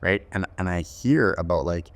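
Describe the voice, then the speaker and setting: A man's voice: deep voice, moderate pace, no echo. A man hosting a podcast interview, talking thoughtfully and tagging his points with "right?". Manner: thoughtful, many "right?" tags and restarts. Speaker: podcast host and company owner.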